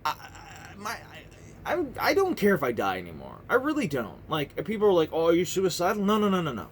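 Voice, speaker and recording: A man's voice: a little high, wildly swooping pitch, brisk, slight background noise. A man in his thirties ranting to camera in a heated, profane, rambling monologue full of restarts. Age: 30s. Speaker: vlogger. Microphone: camera mic.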